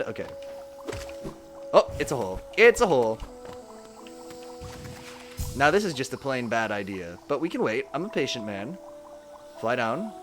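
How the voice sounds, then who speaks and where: A man's voice: mid-range voice, fairly bright tone. A young man from Southern California chatting casually and joking while he streams a game, laughing often. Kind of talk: casual live-stream chat while gaming.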